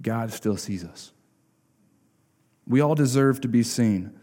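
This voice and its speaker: A man's voice: medium pitch, expressive, slow pace, mellow. A man preaching a sermon as a pastor in a conversational way, often checking in with his listeners by asking "right?". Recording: long hall reverb.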